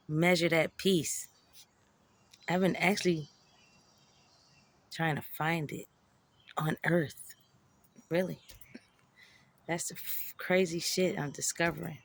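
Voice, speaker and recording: A woman telling a personal story in a raw, profane, emotional way, with slangy, conversational speech. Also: sits low.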